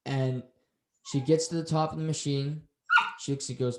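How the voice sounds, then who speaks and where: A man's voice: a little high, normal speed, slight background noise. Man retelling a show, roomy echo. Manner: animated storytelling, acts out quotes. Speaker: podcast co-host. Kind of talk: casual show recap chat.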